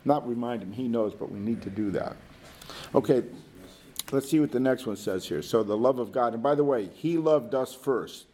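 A man leading a Bible study in an informal, halting way, asking the group questions. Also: medium pitch, warm tone, slight background noise. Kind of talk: conversational Bible teaching.

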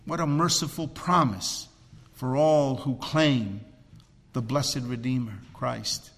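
A man preaching a sermon as pastor, swinging between loud emphatic cries and hushed, low, drawn-out phrases. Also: big-room sound.

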